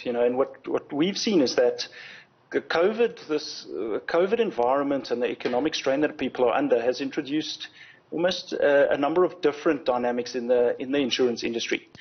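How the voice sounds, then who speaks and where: A man, an insurance executive explaining things in a TV news interview, measured and often repeating words as he thinks. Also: mid-range voice, expressive, breathy edge, muffled recording. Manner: measured, explanatory, frequent word repetitions. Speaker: insurance company executive, guest.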